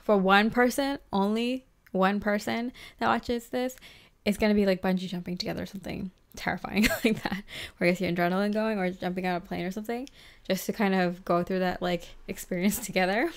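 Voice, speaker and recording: A woman's voice: mid-range voice, fairly even intonation, a little fast. A woman giving a casual pick-a-card tarot reading, chatty and giggly, filling her talk with "like". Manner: chatty and giggly, heavy use of "like". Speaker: tarot reader.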